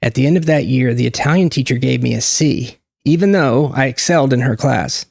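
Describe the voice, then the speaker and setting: A man's voice: mid-range voice, fairly quick, gravelly, a little mellow, no room sound, studio quality. A man hosting his own channel, talking in a loose, rambling monologue with joking asides that break off and restart mid-thought. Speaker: channel host. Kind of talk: casual monologue.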